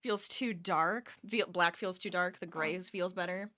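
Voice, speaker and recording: Woman, casual streamer, tired but chatty, laughs easily, crisp bright tone. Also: fairly low pitch, measured pace, no room sound, studio quality. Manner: chatty, laughs often, reads chat aloud. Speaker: crochet streamer. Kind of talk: casual live-stream chat. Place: home office.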